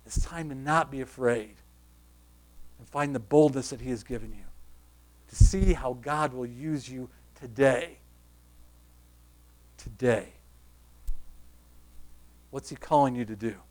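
A man preaching a sermon, pressing his listeners with repeated rhetorical questions and sinking to a soft, quiet close. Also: mid-range voice, slow, long pauses.

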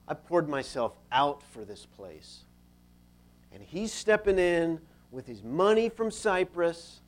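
A man voicing a jealous, resentful male church member who grumbles and pities himself, with a high, loud, whiny delivery. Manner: whiny, resentful, self-pitying.

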